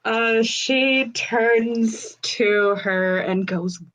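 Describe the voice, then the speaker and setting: A woman's voice: fairly high pitch, drawn-out words, a bit bright, rough recording. A young woman playing a tabletop game, describing her character's actions in a chatty way with many fillers. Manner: chatty, with lots of fillers and laughs. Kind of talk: casual role-play narration.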